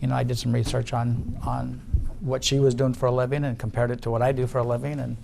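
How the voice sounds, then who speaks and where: A man's voice: mid-range voice, little pitch movement, quick pace, vocal fry, darkish tone, slight background noise. A middle-aged man giving deposition testimony, guarded and insistent, often restarting his sentences. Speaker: witness in a legal deposition.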